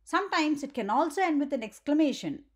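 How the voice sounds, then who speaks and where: A woman's voice: high voice, animated, quick pace, a little mellow. A woman teaching a grammar lesson for children, often checking in with "right?" and asking the viewer questions.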